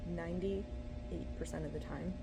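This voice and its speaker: A woman's voice: on the low side, fairly even intonation, measured pace, vocal fry, loud music behind the voice. A woman in her thirties chatting casually on her writing vlog, joking at her own expense. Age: 30s. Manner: chatty and self-deprecating. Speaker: writing vlogger. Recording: roomy echoey room.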